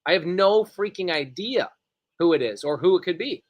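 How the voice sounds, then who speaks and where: A middle-aged man telling a story in an excitable, animated way, with quick bursts and repeated phrases. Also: sits high, lo-fi sound. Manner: excitable, rapid and repetitive. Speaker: podcast co-host.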